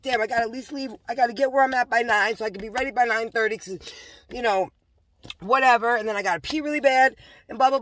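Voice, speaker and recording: A woman rambling through a fervent personal vlog monologue, talking straight to her viewers, swinging between hushed asides and loud outbursts. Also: fairly high pitch, a little hiss or hum. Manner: talks straight to viewers, addressing them as y'all; scattered and self-interrupting, losing and picking up her thread. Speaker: vlogger.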